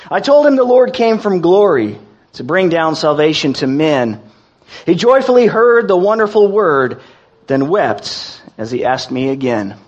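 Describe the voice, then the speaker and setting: A man preaching a sermon in a folksy, halting way, with many restarts as he tells jokes and reads verses. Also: on the high side, very animated, darkish tone. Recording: dull lo-fi recording.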